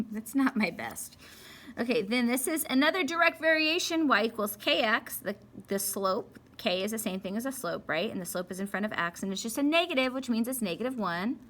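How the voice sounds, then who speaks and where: Bright-voiced playful woman teaching math. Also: on the high side, animated, brisk. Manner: chatty, playful, talks to herself while working. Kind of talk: casual math lesson while graphing.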